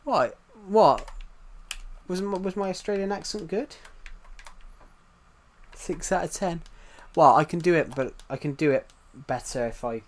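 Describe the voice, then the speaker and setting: A man's voice: fairly high pitch, fairly even intonation, normal speed. Rambling British man live-streaming. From United Kingdom. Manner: rambling, repeats phrases, reads and answers chat. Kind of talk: casual live-stream chat with viewers.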